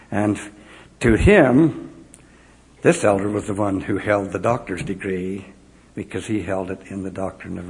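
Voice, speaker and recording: A former mission president with a lowish, gravelly voice gives a devotional talk to an audience. He earnestly tells personal stories, acting out the remembered dialogue.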